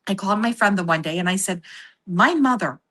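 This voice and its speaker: A woman's voice: mid-range voice, racing, a bit bright. A woman telling a personal story in a casual podcast chat, acting out the voices of the people she quotes. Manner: acts out quoted voices, laughs while telling. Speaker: psychic medium guest.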